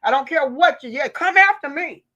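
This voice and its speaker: A woman from the United States delivers a fiery, preachy political rant with heavy emphasis. Her voice is high. The recording sounds slightly dull and lo-fi. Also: lively intonation, moderate pace, bright, forceful tone. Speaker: vlogger.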